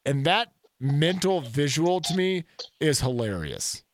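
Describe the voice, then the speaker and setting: A man co-hosting a podcast, chatting about football in a casual, animated way. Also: a little high, slow pace, no room sound, studio quality. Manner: animated, does jokey voices in stories. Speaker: podcast co-host. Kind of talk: casual sports chat.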